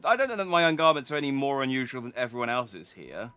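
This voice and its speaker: Bright-voiced man chatting over a game. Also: mid-range voice, big pitch swings, fast talker, few pauses, smooth. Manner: self-mocking, chatty asides. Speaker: streamer. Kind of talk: casual gameplay commentary.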